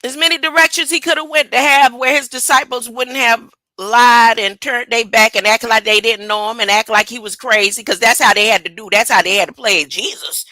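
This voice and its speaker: High, bright-voiced woman preaching emphatically. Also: steady tone, a little fast, no echo, poor audio. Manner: emphatic, colloquial, rhetorical questions. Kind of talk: informal sermon.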